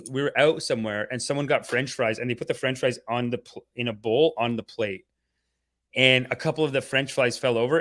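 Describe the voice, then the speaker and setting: A young man hosts a livestream, rambling playfully and chatting casually with his viewers. His voice is medium-pitched and a bit bright.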